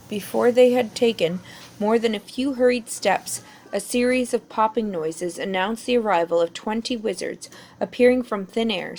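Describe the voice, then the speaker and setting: A woman reading a fantasy novel aloud in an expressive amateur audiobook style, stumbling and correcting herself now and then. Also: medium pitch, vocal fry. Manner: expressive, with slips and self-corrections. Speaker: reader.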